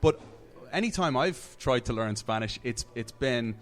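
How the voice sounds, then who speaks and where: A man from Ireland, a soccer broadcaster, talking at a live panel discussion in a brewery, animated and stumbling over words as he works out a point. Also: medium pitch, unhurried. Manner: animated, repeats words while working out a point.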